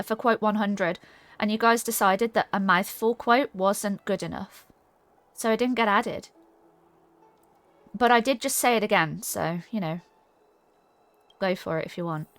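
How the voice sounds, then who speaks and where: A woman's voice: a little high, a bit bright, dry recording. A woman streamer chatting casually and rambling while playing a game, reading her chat aloud.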